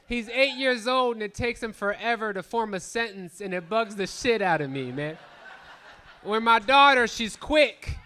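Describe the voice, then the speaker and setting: High, bright, crisp-voiced male stand-up comic in his thirties, profane storyteller working the crowd. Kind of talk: live stand-up comedy. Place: comedy club stage.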